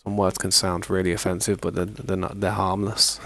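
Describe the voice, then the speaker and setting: A man with a low, gravelly voice, rambling in a laid-back, slangy way while he streams a game. Faint noise sits behind his casual chatter. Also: level tone, moderate pace, fairly bright tone. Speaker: gaming streamer. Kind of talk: casual gameplay chat.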